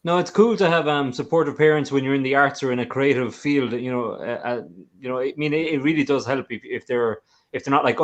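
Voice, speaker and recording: A man's voice: medium pitch, fairly quick, few pauses, highs cut off. A man co-hosting a podcast interview, chatting in an easygoing way. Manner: easygoing, brief encouraging interjections. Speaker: podcast co-host. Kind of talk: casual interview chat.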